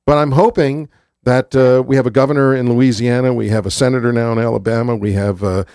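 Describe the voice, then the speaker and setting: A man who is a politician, speaking in a measured way on a radio talk show and filling his pauses with um and uh. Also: medium pitch, steady tone, a little mellow, dry recording, clean studio sound. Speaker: politician guest. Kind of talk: radio studio conversation.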